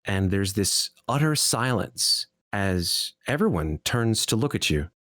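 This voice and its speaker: A man narrating a tabletop game as dungeon master, telling the scene in an expressive, descriptive way. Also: lowish voice, measured pace, no room sound, clean studio sound.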